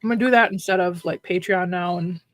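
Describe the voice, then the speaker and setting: A woman co-hosting a casual livestream chat, relaxed and wry with a self-deprecating streak, talking over an online call. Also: on the low side, fast talker, no echo. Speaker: co-host, romance author. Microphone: remote online call.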